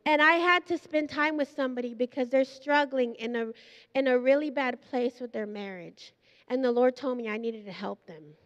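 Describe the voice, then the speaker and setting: A woman preaching a sermon at a live conference, telling a personal story in an animated way and acting out the voices in it. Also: sits high, moderate pace, muffled recording. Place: church hall at a conference. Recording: live conference with long hall reverb.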